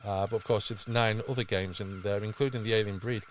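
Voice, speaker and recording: A man's voice: on the low side, steady tone, brisk, slight background noise. A man hosting a podcast, talking with enthusiasm and rambling through fillers and restarts. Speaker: podcast host. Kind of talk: casual podcast chat.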